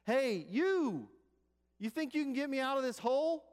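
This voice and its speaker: A pastor acting out a trapped man who hollers up from the bottom of a hole in a strained, high, loud voice. He begs passers-by to get him out. The sound rings with a long hall echo. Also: big pitch swings, normal speed. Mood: pleading shout. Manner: shouting up, pleading. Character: desperate man stuck in a hole, yelling for help.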